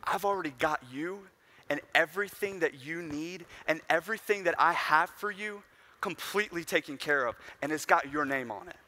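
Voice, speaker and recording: Young guy preaching, bright forceful voice, chatty storyteller. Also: on the high side, moderate pace. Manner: casual, storytelling, conversational asides. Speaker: pastor. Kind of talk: sermon.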